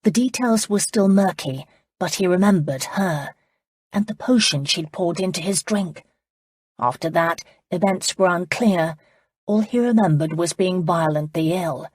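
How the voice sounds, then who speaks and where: A woman narrates a historical romance audiobook in a measured, steady manner. Her voice is fairly low and somewhat husky. The recording is close and dry. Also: dry recording. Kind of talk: scripted narration.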